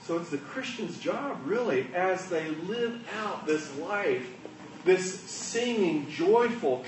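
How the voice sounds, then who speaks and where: A man preaching a sermon in a high, animated voice that climbs and drops across a wide range. He talks slowly and with emphasis, moving between quiet asides and loud declarations. The sound is roomy and echoey, picked up from a distance with faint ambience behind. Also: a little hiss or hum. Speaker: pastor. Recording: echoey room, mic at a distance.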